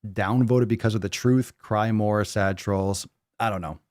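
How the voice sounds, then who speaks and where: A man's voice: fairly low pitch, fairly even intonation, unhurried, a little mellow, no room sound. A man hosting a podcast in casual chat, reading posts aloud and rebutting them in a blunt, profane, mocking way. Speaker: podcast host.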